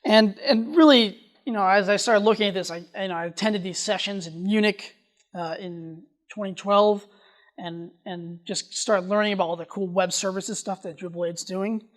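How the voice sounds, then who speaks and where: Conference presenter, technical talk, quick delivery, frequent restarts, mid-range pitch. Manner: talks fast, restarts sentences often. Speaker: conference speaker.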